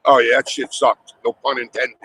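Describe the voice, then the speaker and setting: A man streamer telling a crude story in casual chat, animated, with put-on voices for the people in it. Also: medium pitch, moderate pace, husky, low-quality recording.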